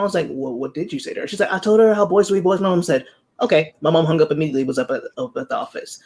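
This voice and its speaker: A young woman telling stories in casual chat, acting out the voices of people she quotes. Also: lowish voice. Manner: animated, acts out quoted voices.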